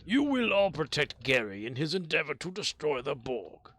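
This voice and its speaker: A man's voice: on the high side, big pitch swings, moderate pace, fairly bright tone, a little hiss or hum. A man putting on a boastful Klingon warrior. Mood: proclaiming. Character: boastful male Klingon warrior commanding his allies.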